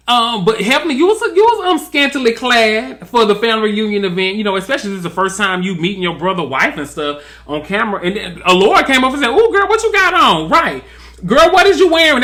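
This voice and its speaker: A man's voice: high voice, sharp tone. A man giving sassy, drawling comedic recap commentary on a reality TV episode. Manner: sassy, drawling, mimics cast members in quotes.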